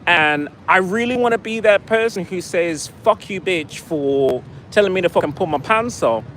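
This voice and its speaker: A man's voice: high voice, animated, moderate pace, fairly bright tone, a little hiss or hum, poor audio. A man telling a story in a profane, sarcastic rant, outdoors in a city. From United States. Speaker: vlogger. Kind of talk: casual ranting storytelling.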